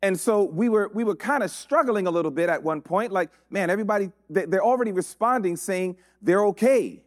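A man's voice: high voice, fairly quick, no room sound, studio quality. A man preaching a sermon, building his points through repeated rhetorical questions.

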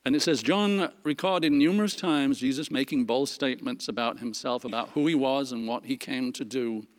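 A man's voice: medium pitch, normal speed. A man leading a Bible study, reading scripture aloud earnestly, with frequent fillers and restarts. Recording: long hall reverb.

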